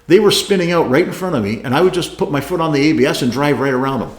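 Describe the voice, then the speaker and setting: A man co-hosting a podcast, telling a racing story in a casual, animated way, acting out radio calls and laughing often. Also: fairly high pitch, racing. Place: garage studio. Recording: roomy echo.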